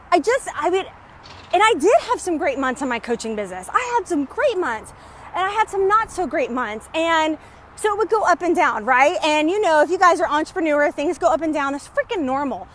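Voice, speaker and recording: A woman's voice: sits high, big pitch swings, moderate pace, a little hiss or hum. A woman business coach chatting on a live stream while walking home outdoors, upbeat and a little out of breath, often greeting her viewers. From Texas. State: slightly out of breath.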